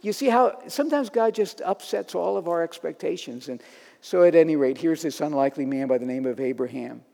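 A man's voice: fairly high pitch, brisk, creaky, warm tone. A man preaching a sermon in a conversational, storytelling manner, acting out quotes as he goes. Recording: long reverb of a large hall.

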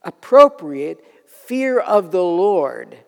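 A man preaching a sermon in an earnest way, building to loud emphatic peaks. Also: high voice, very animated, very slow, creaky, long reverb tail.

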